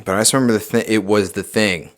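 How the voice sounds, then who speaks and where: Talking fast in a fairly low-pitched voice, a young man on a podcast shares a personal story. He's casual and animated, swearing frequently and leaning on the word "dude."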